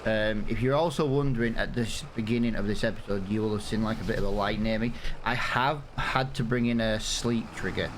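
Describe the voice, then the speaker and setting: A man's voice: on the low side, a little fast, few pauses, a little hiss or hum. A man giving casual, rambling let's-play commentary over a farming game, with many fillers and restarts. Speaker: gaming YouTuber.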